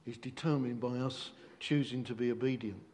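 A man's voice: medium pitch, fairly even intonation, normal speed, darkish tone. A man leading a church meeting, responding to testimonies in an affirming, reflective way. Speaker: pastor. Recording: crowd faintly heard.

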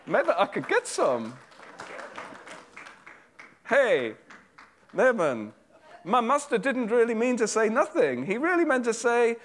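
A man preaching a sermon voices a scheming, greedy male servant who mutters slyly, his voice jumping high. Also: big pitch swings, slow, long pauses, fairly bright tone, a faint crowd, a little hiss or hum, heavily acted. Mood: wheedling. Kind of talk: sermon storytelling.

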